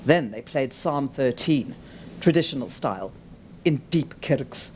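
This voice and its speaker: At a bookshop event, a woman author reads aloud from her own novel, storytelling expressively and giving the characters voices. Her rumbling low voice is unhurried, with slight background noise.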